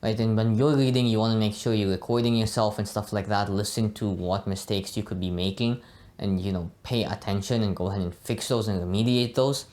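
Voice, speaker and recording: A man's voice: fairly low pitch, a little fast. A young man giving a casual Arabic pronunciation lesson, often tagging his sentences with "right?" and "you know". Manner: relaxed, frequently adds "right?" and "you know". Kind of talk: casual teaching monologue.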